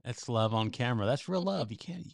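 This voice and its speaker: A man's voice: medium pitch, expressive, fairly quick, vocal fry, dry recording, clean studio sound. A man co-hosting a casual couples livestream, chatty and talking straight to his viewers. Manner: chatty, addresses viewers as folks.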